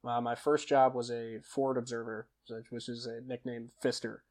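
A man's voice: medium pitch, moderate pace. Casual, chatty young man. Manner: lively storyteller who laughs and acts out quoted lines; casual, with frequent fillers and self-corrections. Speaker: podcast guest. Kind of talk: conversational storytelling.

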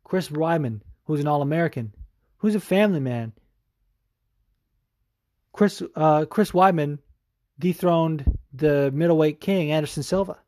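A man's voice: fairly high pitch, a little slow, pauses often, no room sound, studio quality. Profane, fired-up male host. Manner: animated, profane and salty, with frequent fillers. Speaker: show host. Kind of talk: profane opinion rant.

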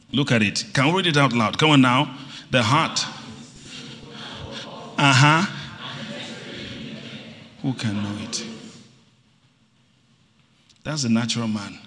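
A middle-aged man preaching a sermon, calling for responses and acting out little stories. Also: mid-range voice. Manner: animated preaching with call-and-response and acted anecdotes. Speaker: pastor. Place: church hall. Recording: reverberant church hall.

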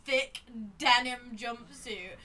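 A young woman, co-hosting in loose banter, laughing often and swearing. Her voice sits a little high, with a bright, sharp tone. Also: slow. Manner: chatty, laughs often, swears, eggs on the story. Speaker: podcast co-host. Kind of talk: casual chat.

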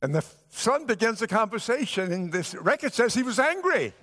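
A man's voice: high voice, sing-song, moderate pace, fairly bright tone. A male guest pastor preaching a sermon, telling a story and voicing the characters' lines. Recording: long hall reverb.

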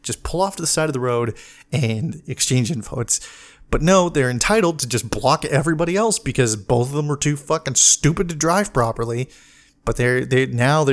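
A man's voice: medium pitch, animated, moderate pace. A man ranting in a casual podcast monologue, swearing freely and exasperated, sometimes mocking other people in put-on voices. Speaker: podcast host, medic.

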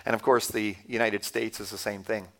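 A man's voice: lowish voice, flat delivery, moderate pace, vocal fry. A Canadian man in his fifties preaching a conversational sermon to a congregation, asking the audience questions as he goes. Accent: Canadian English. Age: 50s. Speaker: guest speaker.

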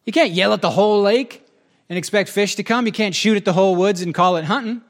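High-voiced man preaching with jokes. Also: quick pace. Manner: conversational and joking, with asides to the audience. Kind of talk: sermon.

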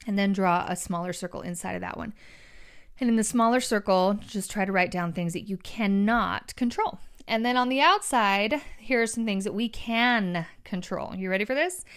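Upbeat woman giving a chatty pep talk. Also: mid-range voice. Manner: earnest and upbeat, chatty asides to the audience. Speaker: motivational speaker. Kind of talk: casual motivational talk to viewers.

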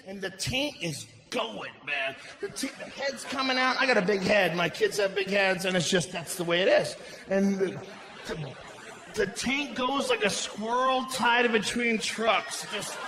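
A middle-aged man performing a stand-up comedy routine, telling a loud, profane story with lots of shouting. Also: high-pitched, unhurried. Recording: echoey venue with audience noise.

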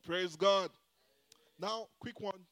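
High-voiced man preaching a sermon. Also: steady tone, slow pace. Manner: call-and-response, repeatedly asking the congregation "Hello?"; emphatic with swings in loudness and pace.

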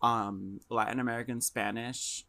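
Bright-voiced young man chatting casually. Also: mid-range voice, measured pace, vocal fry, no room sound. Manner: animated, stammers and restarts, mimics lines in quotes. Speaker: podcast co-host or guest. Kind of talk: casual chat.

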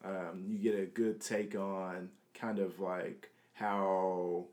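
Low-voiced laid-back young man. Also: little pitch movement, slow, darkish tone. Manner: laid-back, frequent backchannels and laughs. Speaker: podcast co-host. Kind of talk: casual chat.

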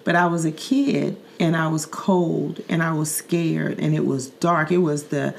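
A middle-aged woman from Saint Louis with a low voice tells a story from her own life on a podcast. She speaks earnestly and vividly, often repeating words and using fillers like "um" and "like" as she goes. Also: a little slow, vocal fry. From Saint Louis, Missouri. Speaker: podcast host. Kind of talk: personal storytelling in casual chat.

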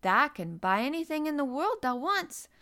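A woman's voice: high-pitched, very animated, moderate pace, sharp tone, voice pushed up, heavily acted. A woman voicing a blunt, cheerful young housemaid with a broad Yorkshire accent, talking in hearty dialect.

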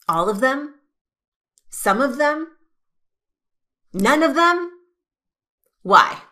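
A woman hosting a podcast, giving an energetic, emphatic motivational talk and stretching key words for effect. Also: medium pitch. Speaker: podcast host.

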